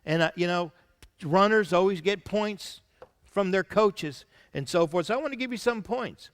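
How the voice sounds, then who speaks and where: Scripture readings break up this senior pastor's sermon, and he slips into quiet asides along the way. His voice sits high at a moderate pace, trailed by a long reverb tail.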